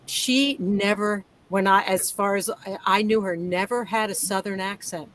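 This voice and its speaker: A woman's voice: medium pitch, fairly even intonation, moderate pace, a bit bright, rough recording. A woman sharing a personal memory in a reflective, rambling way on a group video call. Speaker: guest.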